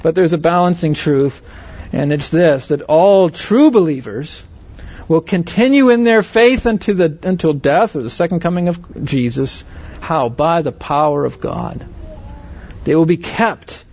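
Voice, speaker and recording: High-voiced man teaching a sermon. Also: measured pace, a little mellow, highs cut off. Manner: asks the audience questions, stresses words. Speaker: Bible teacher.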